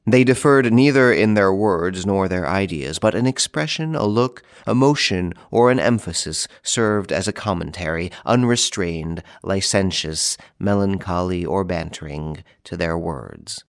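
A man reads an old novel aloud in a measured, formal way. His voice sits very low, and the recording is dry and close with no room sound. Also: dry recording. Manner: measured, formal literary reading. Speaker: audiobook narrator. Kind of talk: scripted narration.

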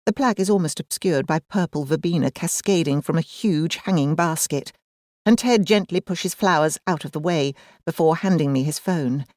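A woman's voice: sits low, normal speed, darkish tone, no room sound, studio quality. A woman, reading a first-person audiobook in a wry, self-deprecating, conversational manner. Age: 40s. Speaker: audiobook narrator.

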